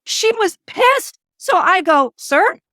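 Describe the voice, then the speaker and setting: A woman with a fairly high voice tells a story casually, animated and full of quoted voices. The sound is dry and close. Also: brisk, dry recording. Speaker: guest medium and tarot reader.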